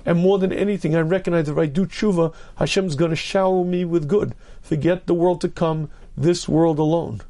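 A man, a rabbi, giving an earnest Torah lecture, stressing points by repetition and clearing his throat often. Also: a little high, fairly even intonation, normal speed, hardly any pauses, mellow. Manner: earnest, emphatic, repeats key phrases.

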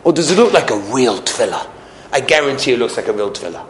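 A man preaching a sermon in an animated storytelling way, with rhetorical questions and emphatic repetition. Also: mid-range voice, fast.

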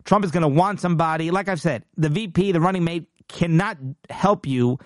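A man's voice: fairly high pitch, brisk, no room sound, clean studio sound. A man hosting a political commentary show, talking emphatically and indignantly, often restarting and putting on voices to mock-quote people.

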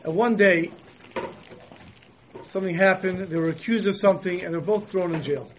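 A man, a religious teacher, telling a story and explaining its lesson in a lively, storytelling sermon. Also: high-pitched, moderate pace, slight background noise, low-quality recording.

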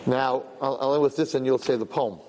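A man teaching a religious lesson, telling personal stories in an animated, conversational way and acting out the dialogue. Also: mid-range voice, a little fast, noisy background.

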